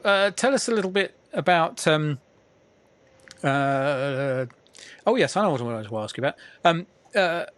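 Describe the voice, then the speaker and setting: A man's voice: on the high side, fairly bright tone. A man hosting a casual interview, chatty and rambling with plenty of fillers. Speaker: interviewer, host. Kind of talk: casual video-call interview.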